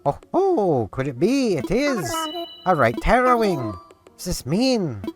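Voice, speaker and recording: A man voicing a fussy, scholarly male owl museum curator in a put-on Irish accent, high, fluttery and grandly formal. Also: wildly swooping pitch, slow pace, full character voice. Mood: grandly informative. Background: game music.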